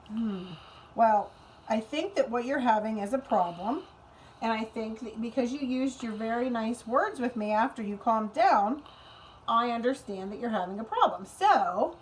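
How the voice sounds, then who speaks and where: A woman preschool teacher who talks to young children in a gentle, coaxing way and reads them a picture book aloud. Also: a little high, animated, moderate pace, a little hiss or hum, poor audio.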